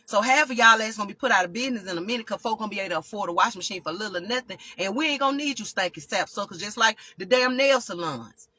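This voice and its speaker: A woman's voice: mid-range voice, expressive, racing, hardly any pauses, bright, forceful tone, breathy edge, no echo. A woman telling a story straight to her viewers in a heated, profane rant, calling them y'all throughout. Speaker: vlogger. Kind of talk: casual storytelling rant to camera.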